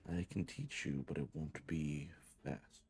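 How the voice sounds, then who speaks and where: Man as a quiet coaxing spirit, super low deep voice, hushed, little music under it. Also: a little slow, gravelly, full character voice. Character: coaxing inner spirit, genderless, patient. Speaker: dungeon master.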